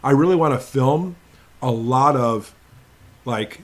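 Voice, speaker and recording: A man with a medium-pitched, slow voice hosts a casual live stream Q&A. He reads viewers' names off his computer and greets each of them in an upbeat, chatty way.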